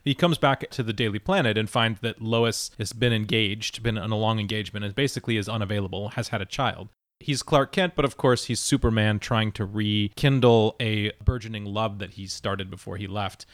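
A man's voice: on the low side, fairly even intonation, brisk, no room sound, clean studio sound. A man in a casual podcast discussion who talks in long, reflective, winding sentences.

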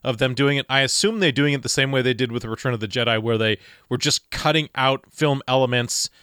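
A man's voice: medium pitch, a little fast, fairly bright tone, smooth, no room sound, studio quality. A man chatting casually on a podcast about a movie, explaining things thoughtfully. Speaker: podcast co-host. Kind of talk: casual movie review chat.

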